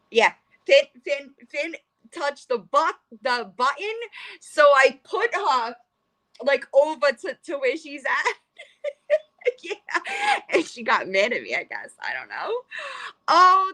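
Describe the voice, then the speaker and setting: A woman's voice: sits high, wildly swooping pitch, slow, sharp tone. A middle-aged woman hosting a livestream, ranting bluntly and profanely and rambling with frequent restarts. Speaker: livestream host. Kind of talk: casual livestream rant.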